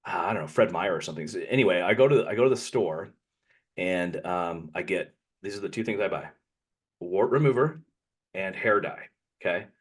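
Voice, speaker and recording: Man, podcast co-host, lowish pitch, casual rambling storyteller, self-correcting. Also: expressive, normal speed, husky. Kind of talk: casual anecdote telling.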